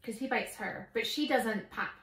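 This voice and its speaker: Podcast co-host: young woman, high lively voice, playful teasing, echoey room. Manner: teasing, playful, quick to laugh. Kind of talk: casual chat.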